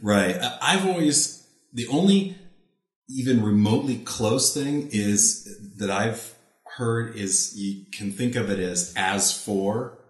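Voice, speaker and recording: A man's voice: on the low side, takes it slowly, roomy sound. A man hosting a casual language lesson, explaining patiently with frequent restarts. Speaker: podcast host.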